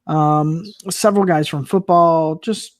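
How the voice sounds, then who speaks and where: A man's voice: on the high side, fairly even intonation, unhurried, no echo, studio quality. A man co-hosting a podcast in casual chat, laid-back and joking, with lots of agreeing and filler. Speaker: podcast co-host. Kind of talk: casual chat recapping wrestling.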